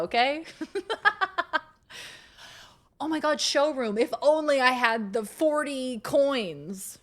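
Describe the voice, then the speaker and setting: A young adult woman streams a game and chats casually with her viewers, thinking out loud, laughing a lot and swearing occasionally. Her voice is medium-pitched with a fairly bright tone.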